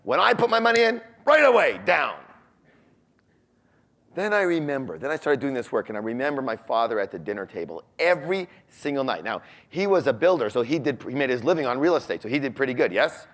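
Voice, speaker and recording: In a large room before a live audience, a man delivers an animated motivational seminar, frequently quizzing the crowd. He speaks in a mid-range voice, slightly fast.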